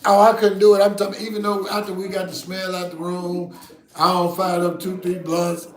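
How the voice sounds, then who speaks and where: A man hosting a podcast, telling a story in casual, profane chat with loud outbursts. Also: high voice, completely flat delivery, normal speed. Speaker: podcast host. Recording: roomy echo.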